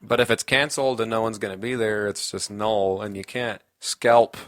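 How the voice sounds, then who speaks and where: A man's voice: fairly low pitch, steady tone, normal speed. A man co-hosting a podcast in a laid-back, agreeable way during casual chat. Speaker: podcast co-host.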